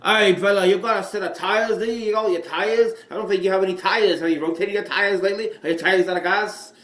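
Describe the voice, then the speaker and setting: A man's voice: high voice, fairly even intonation, quick pace, fairly bright tone, roomy sound, pitched above the performer's own voice. A man putting on a bad Irish accent to play a brash male wrestler taunting an opponent. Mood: mocking taunt. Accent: put-on Irish. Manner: taunting, mocking.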